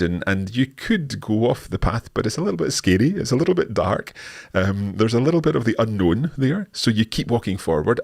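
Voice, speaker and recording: A Scottish man hosts a live question-and-answer session for a language course, explaining things in a friendly, patient way and often restarting his sentences. His voice sits low with a faint huskiness. The sound is dry and close to the microphone. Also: gravelly, a little mellow, no room sound.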